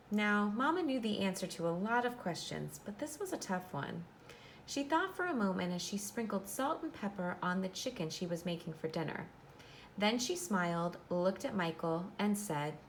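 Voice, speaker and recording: Reading a storybook to a classroom, this female teacher speaks in a lowish voice, clear and instructive, and pauses to explain things. There's a little background noise.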